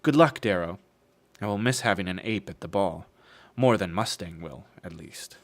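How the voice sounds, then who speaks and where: A man's voice: sits low, normal speed, lightly acted. A man voicing a haughty, scheming noblewoman with a sly, taunting manner.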